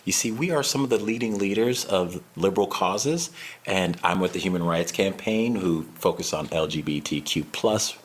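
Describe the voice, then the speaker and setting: A man's voice: low-pitched, moderate pace, a little hiss or hum, natural voice. A man playing an earnest, self-righteous activist in a comedy sketch. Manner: preachy, earnest.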